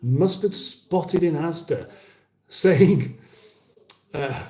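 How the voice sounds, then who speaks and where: Man, British accent, 50s, livestream host, rambling wry banter, mellow voice, echoey kitchen. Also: a little high, extremely slow. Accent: British English. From England. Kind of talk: casual livestream chat reading comments. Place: home kitchen.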